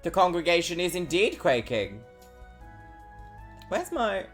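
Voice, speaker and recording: Low-voiced, lively woman streamer. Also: moderate pace, faint music behind. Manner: chatty and playful, jumping to high squeals. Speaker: game streamer. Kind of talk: casual live-stream chat.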